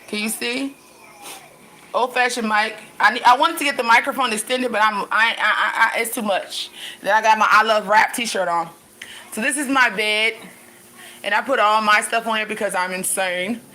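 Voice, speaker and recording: A woman with a bright, fairly high voice chats loosely with her viewers from her bedroom, stopping and restarting her sentences. Her nose is running. The room sounds echoey, with a faint hiss underneath. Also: steady tone, moderate pace. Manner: chatty, addresses viewers as y'all, lots of restarts. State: runny nose. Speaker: vlogger. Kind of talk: casual livestream chat.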